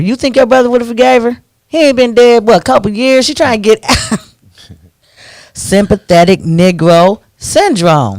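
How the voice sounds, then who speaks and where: A man hosting a radio talk show, ranting in an animated, preachy way into a studio microphone. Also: high-pitched, normal speed, no room sound.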